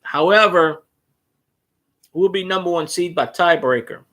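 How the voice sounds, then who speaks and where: A man's voice: sits high, measured pace. A man hosting a casual solo fan chat, rambling and swearing as he tells stories about arguing with rival fans. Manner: profane, rambling, animated storytelling. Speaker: fan show host.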